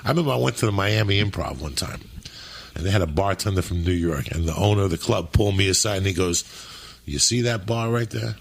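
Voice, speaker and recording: A male comic guest with a gravelly, raspy voice, telling loose, profane stories. He laughs through his tales. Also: low voice, animated, quick pace. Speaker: guest comedian. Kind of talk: casual storytelling chat.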